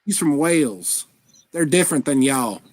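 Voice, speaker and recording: A man's voice: fairly high pitch, lively intonation, normal speed, a little mellow. A man in casual chat, laid-back and joking, ribbing the others.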